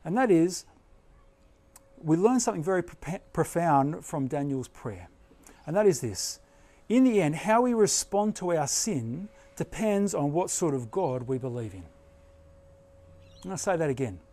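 A man's voice: a little high, very animated, measured pace, pauses often, mellow. A middle-aged man preaching a sermon, earnest and emphatic, with rising bursts of feeling as he stresses points. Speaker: pastor.

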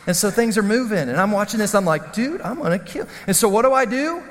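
A man preaching a sermon as the pastor, telling stories in an animated, self-mocking way. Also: high voice, fast, big-room sound. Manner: storytelling, animated, self-deprecating.

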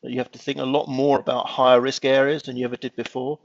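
A man's voice: medium pitch, level tone, fast talker, gravelly, muffled recording. A man on a finance panel discussion, rambling with frequent restarts.

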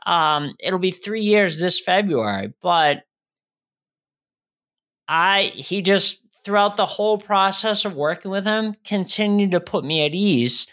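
A man in his thirties, a guest speaker telling his own story in a podcast interview, earnest and halting with frequent restarts. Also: sits high, expressive, sharp tone.

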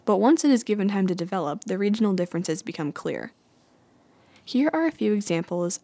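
A woman from the United States explains things in a relaxed, chatty way, shaping each word crisply. Her pitch sits in a middle range for a woman. The sound is close and dry, with no room around it. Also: no room sound. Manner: chatty, laughs at her own jokes; carefully enunciated. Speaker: host. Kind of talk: casual educational talk.

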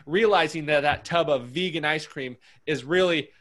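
Bright, earnest male podcast co-host. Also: on the high side, normal speed. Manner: earnest, preachy, repeats himself. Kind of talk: casual podcast chat.

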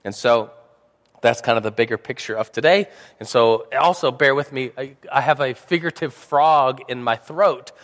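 A man's voice: medium pitch, normal speed, fairly bright tone. A young man with a slight sore throat giving a casual church Sunday school talk, rambling and joking with lots of fillers. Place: church hall. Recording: reverberant hall.

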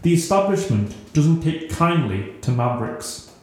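A man reading the part of a patient, soft-spoken male doctor, in a very echoey room. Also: fairly high pitch, sing-song, normal speed. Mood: calm.

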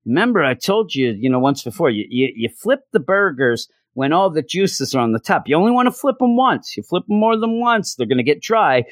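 A man putting on a fussy older stepfather who lectures in a preachy, pushy way. The voice jumps well above his own, climbing higher when he insists, in a dry room. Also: big pitch swings, brisk, few pauses, dry recording. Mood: lecturing. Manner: preachy and pushy, lifting high.

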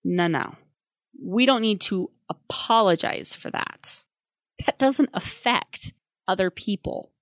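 A mother giving parenting advice in a candid monologue, brisk and emphatic with a wry, plainspoken humor. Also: medium pitch, dry recording. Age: adult with children.

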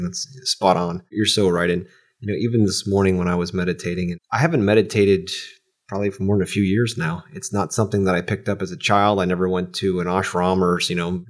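A man hosting a podcast, talking calmly and reflectively, rambling a little as he explains his meditation. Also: sits low. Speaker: podcast host. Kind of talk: casual podcast chat.

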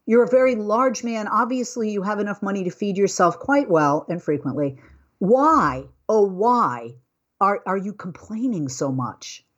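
A woman's voice: medium pitch, expressive, a little slow. A middle-aged woman hosting a talk show, telling a travel story in a chatty way and building into an exasperated rant. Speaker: host. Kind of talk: casual commentary monologue.

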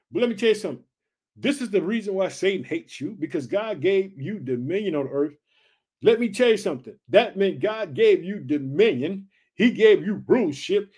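An excitable male preacher with a high-pitched voice, surging with energy as he reads scripture. He stumbles over repeated words and keeps calling his listeners family. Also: husky. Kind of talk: energetic sermon.

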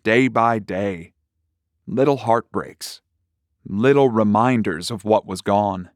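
A man narrating a short story in a slow, measured, deliberate reading. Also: on the low side, no echo, studio quality.

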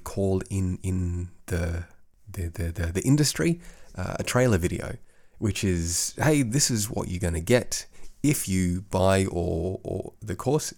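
A man's voice: low-pitched, vocal fry, a little mellow. A middle-aged man with a faded Australian accent hosting a casual solo podcast from his home studio, rambling and often restarting his sentences. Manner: rambling, many restarts and self-corrections. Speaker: podcast host. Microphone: studio microphone.

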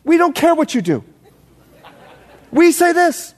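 A man from the Bahamas preaching a sermon, his voice sitting high with wide, lively swings of pitch. He tells stories with emphasis, dropping to hushed low lines for weight and rising again for punch. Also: measured pace, pauses often, a faint crowd. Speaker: pastor.

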